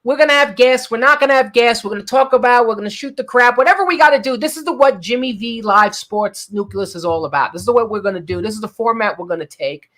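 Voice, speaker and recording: Excitable high-voiced man host. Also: fast talker, hardly any pauses. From Brooklyn, New York. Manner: excitable, repeats words and phrases. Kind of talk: casual talk show.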